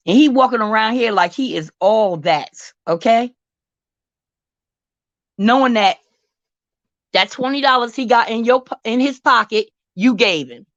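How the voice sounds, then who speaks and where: A woman hosting a casual live-stream chat, sassy and drawn-out, talking back to her chat. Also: medium pitch, a bit bright, no room sound, highs cut off. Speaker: host.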